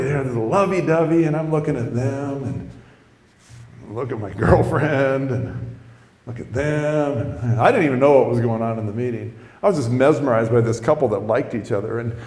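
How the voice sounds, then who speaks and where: A man preaching a storytelling sermon, animated and acting out the people in his story. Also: mid-range voice, moderate pace, reverberant. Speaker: preacher telling his testimony.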